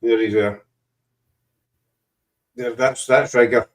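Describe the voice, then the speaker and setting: A man from Glasgow with a Scottish accent, hosting a casual chat show and talking in a halting, rambling, teasing way. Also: mid-range voice, steady tone, far from the mic. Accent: Scottish, West of Scotland. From Glasgow, Scotland. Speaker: host.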